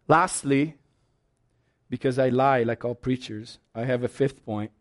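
A man preaching a sermon as a pastor, passionate, swinging from soft asides to loud, high exclamations. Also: unhurried.

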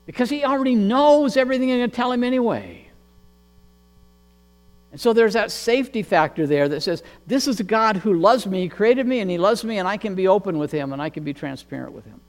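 A man preaching a sermon as pastor, earnest and measured, often repeating words as he goes. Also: sits high, expressive, big-room sound.

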